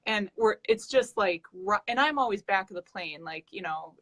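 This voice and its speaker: A woman's voice: medium pitch, expressive, normal speed, a bit bright. A woman from Wisconsin chatting as a guest on a live stream. She is talkative, tells stories and laughs often. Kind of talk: casual live-stream chat.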